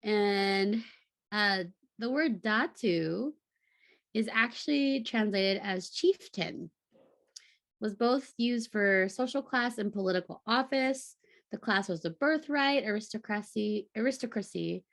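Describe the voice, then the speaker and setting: Gravelly-voiced woman podcast co-host. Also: mid-range voice, slow, a bit bright, dry recording. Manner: chatty, laughs, trips over long words. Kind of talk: casual book club chat.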